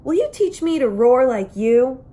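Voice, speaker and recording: A woman's voice: high-pitched, very animated, takes it slowly, darkish tone, pitched above the performer's own voice, heavily acted. A woman voicing an eager little newly hatched boy dinosaur in a childlike voice.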